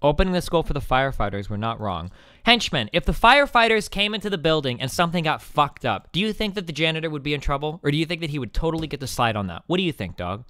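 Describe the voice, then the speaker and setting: A man's voice: a little high, big pitch swings, quick pace, pushed and bright, dry recording, studio quality. A young man hosting a live stream, arguing heatedly and ranting with exasperated, sarcastic, profane outbursts. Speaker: streamer host.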